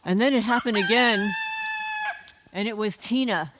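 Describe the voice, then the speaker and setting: A woman's voice: mid-range voice, moderate pace, noisy background. A woman vlogging casually from her homestead, rambling and aggrieved with wry asides. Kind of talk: casual walk-and-talk vlog. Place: outdoors on a small homestead near a chicken coop. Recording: outdoor recording with crowing roosters and clucking hens.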